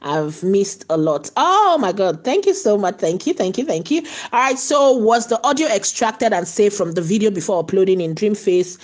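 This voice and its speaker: A woman's voice: mid-range voice, animated, normal speed, hardly any pauses. A woman hosting a live tutorial, chatty and repetitive, full of "you know" and "okay" fillers.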